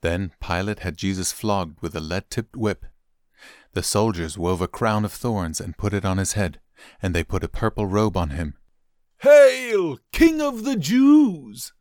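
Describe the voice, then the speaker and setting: A man reading a Bible chapter aloud in steady, clear narration. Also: sits low, moderate pace, no echo, studio quality. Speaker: Bible reader. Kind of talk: scripted scripture reading.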